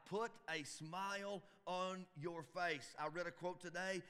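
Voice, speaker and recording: A man's voice: high-pitched, steady tone, unhurried, few pauses, sharp tone, smooth. A man preaching to church volunteers in a folksy, emphatic way, often repeating his phrases. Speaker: pastor. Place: church sanctuary. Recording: long reverb of a church hall.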